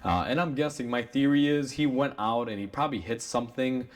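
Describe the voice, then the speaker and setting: A man's voice: medium pitch, brisk. A man with a Chicago accent, an auto shop owner, telling a customer story casually to camera and acting out the heated quotes.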